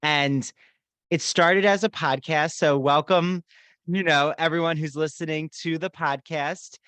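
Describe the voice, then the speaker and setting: A man's voice: a little high, steady tone, measured pace, a bit bright, smooth, no echo. A man hosting a podcast, reading sponsor ads in an upbeat, enthusiastic way. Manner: upbeat, enthusiastic promotional delivery. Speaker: podcast host. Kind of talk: read podcast ad.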